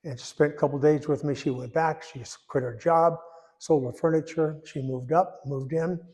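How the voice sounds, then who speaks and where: A man in his eighties giving a personal testimony in church, rambling and folksy, pausing when emotional. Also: on the high side, fairly even intonation, a little mellow. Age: 80s. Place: church sanctuary. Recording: echoey church hall.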